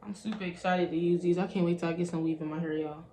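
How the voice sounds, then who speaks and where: A woman's voice: lowish voice, steady tone, quick pace, dark tone. A woman chatting casually through a product review, calling on her viewers with "y'all" again and again. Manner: chatty, says "y'all" constantly. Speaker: beauty vlogger. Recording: roomy echo, faint background hum.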